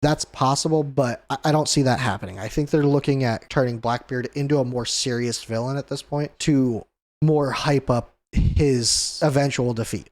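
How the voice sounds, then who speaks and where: A man's voice: medium pitch, a little mellow. A man hosting a casual comic chapter review, rambling and chuckling often while he acts out the characters. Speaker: host of a manga review channel.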